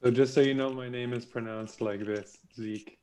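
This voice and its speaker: A man's voice: mid-range voice, steady tone, brisk, warm tone. A man on a video call, talking in a friendly, easygoing way. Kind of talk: casual video call chat.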